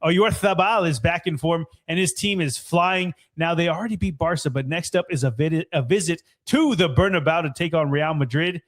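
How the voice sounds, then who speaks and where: Excitable man in a casual soccer podcast. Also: fairly high pitch, moderate pace, few pauses. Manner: excitable, swears freely. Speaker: podcast co-host. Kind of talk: casual soccer match review.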